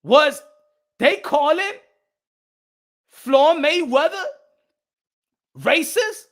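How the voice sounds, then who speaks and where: A man's voice: extremely high pitch, expressive, moderate pace, fairly bright tone. A man hosting a boxing live stream, ranting heatedly, repeating phrases and switching between English and Spanish. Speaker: boxing channel host.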